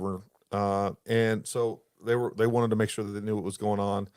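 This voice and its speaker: A man's voice: lowish voice, flat delivery, a little fast, hardly any pauses, darkish tone, no echo, studio quality. A man hosting a podcast, reading passages from a report aloud and stopping to explain them in plain words. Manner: reads in long stretches, breaks off to explain in plain words. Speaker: podcast host.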